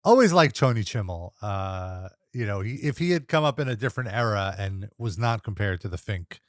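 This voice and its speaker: A young man talks through a wrestling recap in a casual podcast voice, his pitch swinging up and down as he gets excited. He laughs a lot and drops into quick impressions of wrestlers and announcers. The sound is close and dry, with no room around it. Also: dry recording. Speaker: co-host reviewing wrestling episodes.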